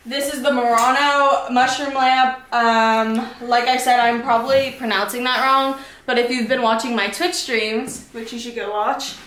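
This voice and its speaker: Twenties woman, slightly high voice, candid and foul-mouthed room-tour chat, echoey bedroom sound. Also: steady tone, moderate pace, few pauses, fairly bright tone. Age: 20s. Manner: candid, casually swearing. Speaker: vlogger giving a room tour. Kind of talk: casual chat. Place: bedroom in an apartment.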